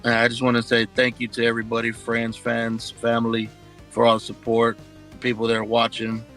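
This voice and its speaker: A male darts player answering pre-match interview questions in a halting, modest way. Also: medium pitch, faint music behind. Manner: halting, modest, flat delivery.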